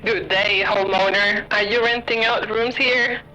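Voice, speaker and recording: A woman's voice: medium pitch, fairly even intonation, measured pace, bright, forceful tone, soft background music. A woman voicing a haughty male visitor who talks in formal, legal terms, in a game stream with dull lo-fi audio.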